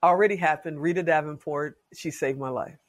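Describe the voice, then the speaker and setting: A woman in her late fifties, a podcast guest talking in a casual interview as an expressive, folksy storyteller. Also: sits low, brisk. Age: 50s.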